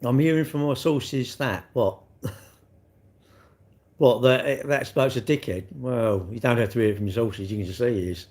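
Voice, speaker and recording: An older man livestreams casually into his phone, speaking at normal speed in an everyday middle pitch with a darkish tone. Blunt and teasing, he banters straight back at the chat.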